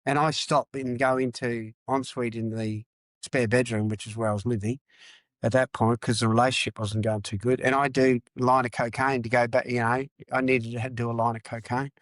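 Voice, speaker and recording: Middle-aged man from Australia, candid and emphatic podcast guest, mid-pitched, dry recording. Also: little pitch movement, brisk, no echo. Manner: emphatic, repeats phrases, swears. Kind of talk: candid interview talk.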